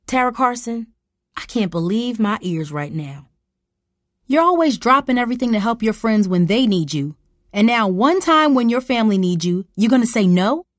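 A woman voicing an angry, exasperated middle-aged mother who scolds loudly. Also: medium pitch, animated, unhurried, no echo, studio quality, close to an everyday voice. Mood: pleading. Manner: scolding, loud and indignant.

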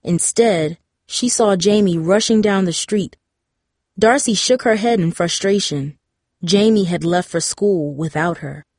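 A woman narrating a novel in a measured, steady storytelling manner. Her voice sits at a middle pitch. The close studio mic keeps it dry, with no room sound. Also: no room sound. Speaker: audiobook narrator. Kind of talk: scripted narration.

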